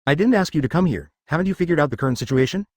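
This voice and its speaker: A synthetic male narrator voicing a cold, arrogant young ninja who speaks calmly and mockingly. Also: fairly high pitch, rapid-fire, no room sound, studio quality. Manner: calm, icy and mocking.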